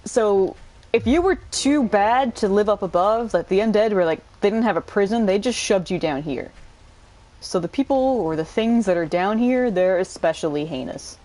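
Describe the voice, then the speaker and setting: A woman's voice: medium pitch, animated, moderate pace, mellow, low-quality recording. A woman casually commenting on her gameplay, chatty and jokey, with the occasional curse. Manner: chatty, joking, swears. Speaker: gamer.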